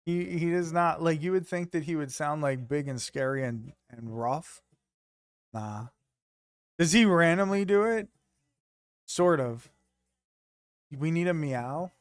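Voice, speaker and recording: A man's voice: on the high side, slow pace, pauses often, clear, resonant tone, no echo, studio quality. A man streaming from home, chatting loosely with his viewers, joking and swearing casually. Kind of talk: casual chat with live viewers.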